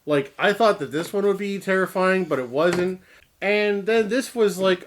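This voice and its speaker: A man from Canada co-hosting a casual beer review, jokey and animated, with exaggerated reactions to what he tastes. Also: sits high, moderate pace, a little hiss or hum. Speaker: co-host of a beer review show. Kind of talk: casual chat.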